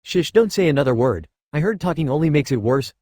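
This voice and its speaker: Ein Mann als höhnischer junger Schurke. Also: male voice, fairly high pitch, lively intonation, brisk, darkish tone, dry recording, studio quality. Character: cruel powerful young male villain, smug.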